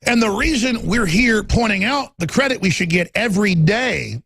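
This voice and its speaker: A man hosting a talk radio show, ranting with passion and swinging between loud outbursts and low muttering. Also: expressive, normal speed, vocal fry, slight background noise.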